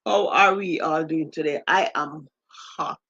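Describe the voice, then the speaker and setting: A woman's voice: low voice, a little slow, a bit bright, dry recording, lo-fi sound. Jamaican woman greeting livestream viewers. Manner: reads out viewer comments and greets each viewer by name. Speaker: livestream host. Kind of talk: live stream chat reading.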